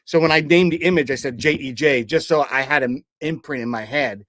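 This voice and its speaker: A man with a somewhat high voice tells a story on a podcast, slipping into the voices of the people he remembers. His voice is recorded very dry, with no room sound around it. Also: a little fast, no room sound. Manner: lively storyteller who acts out remembered dialogue. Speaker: podcast co-host. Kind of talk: casual podcast chat, telling a personal story.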